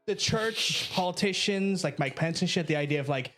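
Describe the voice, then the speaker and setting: Northern Irish man, slightly high voice, casual sweary chat, faint music behind. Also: moderate pace, fairly bright tone. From Northern Ireland. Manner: rambling, sweary, stops to search for words. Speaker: co-host of a live talk show.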